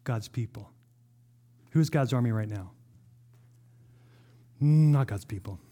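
A man preaching a sermon, reading scripture aloud and firing rhetorical questions at the congregation in an animated way. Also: mid-range voice. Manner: reads scripture aloud with emphatic slowing. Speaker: pastor.

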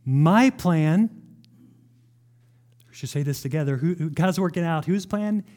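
A man preaching a sermon, reading scripture aloud and firing rhetorical questions at the congregation in an animated way. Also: on the high side. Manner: reads scripture aloud with emphatic slowing. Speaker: pastor.

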